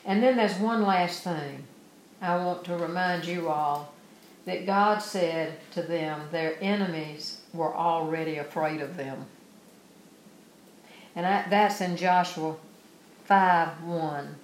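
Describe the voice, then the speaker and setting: Woman preacher, lowish voice, reads a verse then breaks it down, roomy echo with a faint hum behind. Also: slow. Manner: reads verses aloud then explains them earnestly. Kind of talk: sermon with scripture reading.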